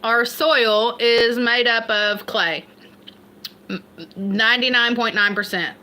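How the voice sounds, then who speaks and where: A woman's voice: on the high side, steady tone, takes it slowly, sharp tone. A woman from Kentucky with an Appalachian accent, chatting casually and rambling on a livestream, laughing at herself. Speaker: homestead livestream host.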